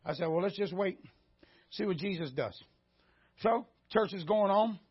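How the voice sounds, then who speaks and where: A man preaching a sermon, storytelling and swinging into loud shouted peaks. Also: high-pitched, expressive, normal speed, slightly rough. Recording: dull lo-fi sermon audio.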